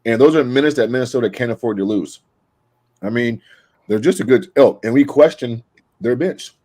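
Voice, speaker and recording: A man co-hosting a basketball podcast, explaining plays in a measured, analytical way. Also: medium pitch, mellow. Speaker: podcast co-host. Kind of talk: casual sports analysis.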